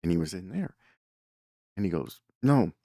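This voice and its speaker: A man's voice: low voice, sing-song, normal speed, vocal fry, warm tone, no room sound, studio quality. A man hosting a show, telling a story in a casual, rambling way, with lots of fillers and self-corrections. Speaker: podcast host.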